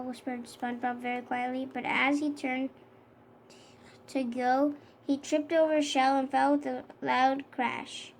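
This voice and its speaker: Woman narrator, high voice, children's read-aloud, steady with small self-corrections. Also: a little slow, slight background noise. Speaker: storybook reader.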